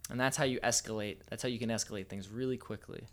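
A man's voice: lowish voice, fairly even intonation, fast talker. A man giving casual, playful dating advice as a coach, with a slightly cocky manner.

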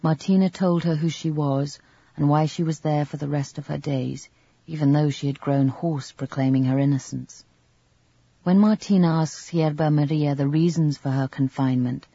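A man reading a novel aloud in measured, even scripted narration. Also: fairly high pitch, vocal fry, husky, no echo. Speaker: audiobook narrator. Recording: dull lo-fi recording.

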